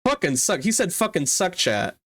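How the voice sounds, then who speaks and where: A livestreamer and 3D artist in casual chat who laughs often, swears freely and jumps up in pitch when excited. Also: moderate pace, slightly rough.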